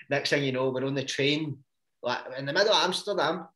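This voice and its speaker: A man's voice: medium pitch, quick pace, sharp tone, echoey room. A Scottish man in casual chat, laid-back and joking, swearing freely.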